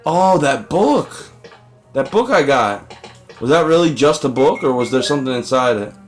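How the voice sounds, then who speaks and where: A man's voice: medium pitch, expressive, brisk, faint music behind. A young man giving casual, rambling gameplay commentary, profane and self-deprecating. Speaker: let's play gamer.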